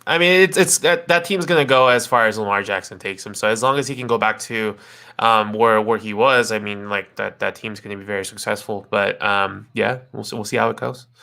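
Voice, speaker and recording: A man's voice: fairly low pitch, brisk, vocal fry, sharp tone. A man co-hosting a casual sports talk livestream, easygoing and often laughing. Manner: laid-back, laughs often, many fillers. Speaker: co-host.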